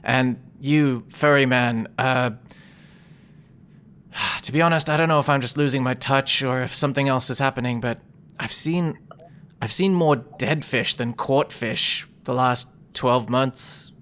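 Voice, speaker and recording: A man's voice: medium pitch, a little slow, fairly bright tone, smooth, lightly acted. A man doing a weary, rambling river fisherman. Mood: glum. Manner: rambling, self-interrupting. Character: weary middle-aged male river fisherman. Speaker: game master voicing a character.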